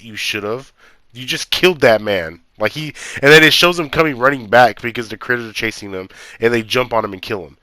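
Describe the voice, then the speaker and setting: A man's voice: mid-range voice, bright, forceful tone, no room sound. A man giving a casual movie review, exasperated and incredulous, full of fillers.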